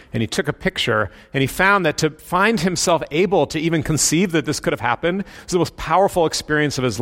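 A male pastor telling a story in a sermon, in a relaxed, conversational way. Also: mid-range voice.

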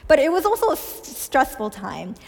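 Woman pastor, higher register, reflective storytelling sermon with long hall reverb. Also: very animated, normal speed, creaky. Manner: storytelling, questions, soft dips for quoted lines. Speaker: preacher.

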